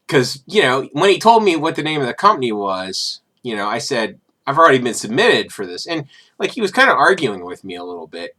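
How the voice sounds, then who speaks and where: A man's voice: fairly low pitch, bright, forceful tone. A man vlogging in a casual, sarcastic and profane rant.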